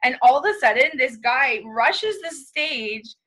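A woman's voice: high-pitched, lively intonation, measured pace, bright, forceful tone, poor audio. A woman in casual chat, telling a story and laughing through it.

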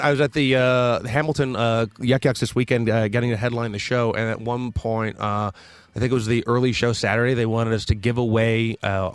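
A man's voice: medium pitch, smooth, dry recording. A man co-hosts a no-holds-barred comedy talk show from a radio studio. He rambles, swears freely and pads his jokes with fillers. The sound is dry and close. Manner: profane, rambling, joking, with many fillers. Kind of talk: crude comedic banter.

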